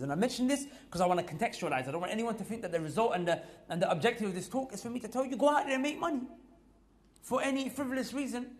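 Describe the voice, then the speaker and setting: A man preaching to a gathering in a mosque, emphatic and repetitive, often building up to loud exhortation. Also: very high voice. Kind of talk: mosque talk. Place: mosque hall.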